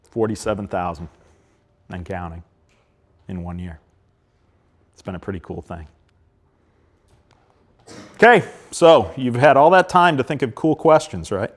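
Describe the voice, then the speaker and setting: A man in his fifties from Ohio, with a voice on the low side, directs a park system and gives a plain-spoken leadership talk to a live audience. He often acts out dialogue.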